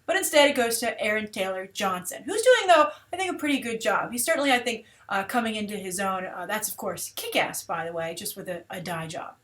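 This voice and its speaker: A woman's voice: medium pitch, brisk, hardly any pauses. A woman hosting a movie trailer review show, talking casually and animatedly with plenty of fillers. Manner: chatty, animated, with many fillers. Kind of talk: casual commentary.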